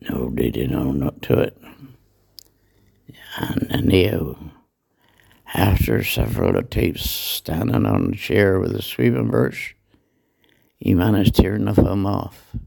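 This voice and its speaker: An older man, telling salty dialect anecdotes slowly from a hospital room. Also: sits low, animated, a little mellow. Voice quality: gravelly, husky. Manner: slow, meandering, salty dialect storytelling. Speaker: storyteller guest.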